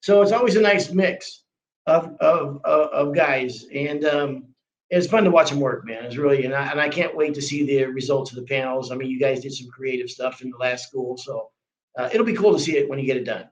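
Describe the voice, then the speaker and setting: A man's voice: medium pitch, a little fast, rough recording. A man, a flooring trainer, chatting casually and rambling a bit with restarts. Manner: rambling, many restarts and fillers. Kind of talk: casual chat.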